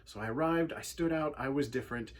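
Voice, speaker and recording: A youth speaker from England tells a personal story in an animated, wry yet earnest way. He has an English accent, a medium pitch and talks fast.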